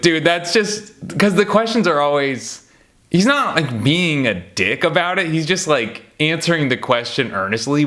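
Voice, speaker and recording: A man in casual chat about basketball players, rambling and getting worked up as he talks, full of fillers and asides. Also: medium pitch. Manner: animated, rambling, gets worked up. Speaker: podcast host ranking basketball players.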